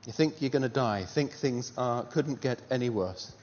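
A man preaching a sermon, telling a story and asking animated rhetorical questions with a touch of self-deprecating humour. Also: mid-range voice, moderate pace, slight background noise. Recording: dull sound with long hall reverb.

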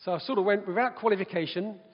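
A man telling his personal testimony as an evangelist, lively and often breaking into laughter. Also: sits high, fast. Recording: dull sound with long hall reverb.

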